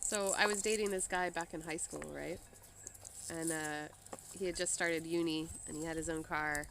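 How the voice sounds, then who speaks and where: A woman's voice: sits low, steady tone, moderate pace, fairly bright tone, a little hiss or hum. A woman chatting casually with her husband, laid-back, telling her own stories with dry remarks. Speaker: host, diamond painting vlogger. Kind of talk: casual chat, storytelling. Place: garden outdoors. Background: faint outdoor ambience.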